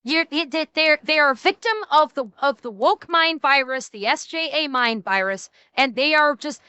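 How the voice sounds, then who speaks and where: A woman's voice: high-pitched, moderate pace, few pauses, sharp tone, no echo. A woman streamer giving blunt, heated, profane commentary while reacting to clips.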